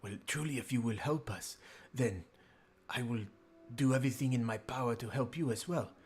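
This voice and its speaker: A man voicing a grieving young nobleman who is proud but worn down, speaking slowly with pauses. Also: mid-range voice, a little mellow, husky, lightly acted. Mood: earnest. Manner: slow, halting delivery with long pauses.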